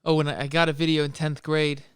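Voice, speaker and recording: A man's voice: a little high, flat delivery, quick pace, clear, resonant tone, no echo. A young adult man chatting casually as a guest, with dry jokes. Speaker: guest, host's son. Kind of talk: casual chat.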